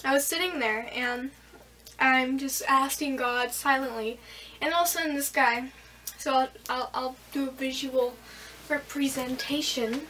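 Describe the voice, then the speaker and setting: High-voiced teen girl telling a storytime. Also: steady tone, a little slow, bright, forceful tone, recorded from a distance, a little hiss or hum, poor audio. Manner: rambling, giggly, many fillers. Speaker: vlogger. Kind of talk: casual storytime.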